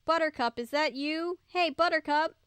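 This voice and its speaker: A woman reading aloud, voicing a frightened boy who calls out in a raised, shrill voice. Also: steady tone, normal speed, fairly bright tone, no echo. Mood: anxious. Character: frightened boy lost in the woods.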